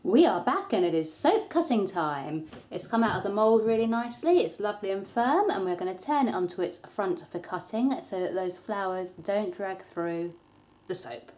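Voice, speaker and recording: A woman's voice: mid-range voice, lively intonation, normal speed, a little mellow. Chatty woman demonstrating crafts. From England. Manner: chatty, light self-deprecating humour. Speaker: soap maker, tutorial host. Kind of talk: casual tutorial narration.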